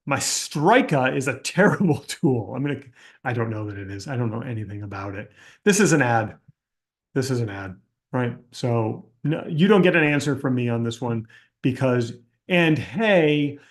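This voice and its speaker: A man with a slightly higher-than-usual voice hosts a casual question-and-answer session. He speaks bluntly and candidly, often restarting sentences as he thinks out loud. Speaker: host answering audience questions. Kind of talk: casual Q&A livestream talk.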